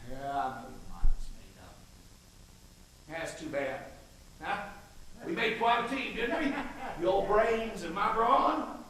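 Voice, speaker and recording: An actor playing a brash, domineering state governor, swaggering and coarse, on an echoey stage recorded from afar. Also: male voice, sits high, sing-song, takes it slowly, pauses often, a bit bright, heavily acted. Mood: forceful. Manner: swaggering, boisterous, coarse and persuasive. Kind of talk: stage play acting. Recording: echoey stage miked from far, faint noise.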